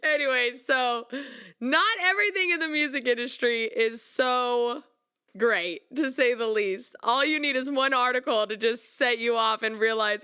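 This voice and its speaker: A young woman from the United States spins a casual vlog story about her singing. Her voice sits high and bright, with a smooth, clean tone. She talks in an animated, mock-dramatic way. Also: unhurried. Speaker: singer telling a story.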